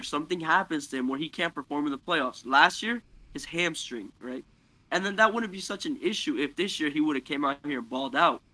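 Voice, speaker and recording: Bright-voiced blunt male podcast guest. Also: fairly high pitch, dry recording. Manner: blunt and emphatic opinions. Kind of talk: casual podcast chat.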